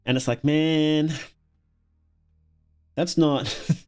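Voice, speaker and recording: A man's voice: a little high, fairly even intonation, extremely slow, darkish tone, smooth, soft background music. An Australian man hosting a casual livestream, reacting to videos and chatting with viewers, often chuckling and repeating words as he thinks.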